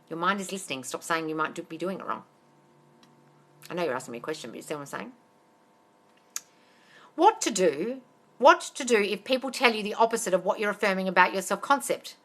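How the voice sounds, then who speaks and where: Speaking at a normal pace in a bright, forceful mid-range voice, this non-American manifestation coach fields live-stream questions. She doesn't mince words, curses liberally, and addresses everyone as darling.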